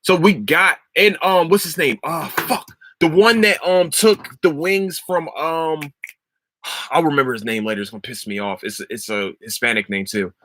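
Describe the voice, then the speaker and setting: A man's voice: fairly high pitch, normal speed, no echo. A young man hosting a casual podcast, rambling and swearing freely as he talks about shows. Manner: rambling, swears freely, breaks into loud laughter. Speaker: podcast host.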